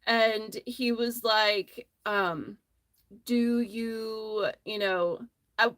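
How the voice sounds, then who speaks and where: A woman's voice: on the high side, extremely slow, fairly bright tone, no room sound. A woman hosting a casual crochet livestream from her phone, telling a rambling, friendly story as she works. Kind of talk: casual chat while crocheting.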